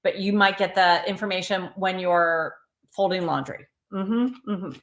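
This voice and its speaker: A woman's voice: fairly low pitch, measured pace, a bit bright. Woman host, casual live-stream card reading, encouraging, addresses viewers by name, roomy echo.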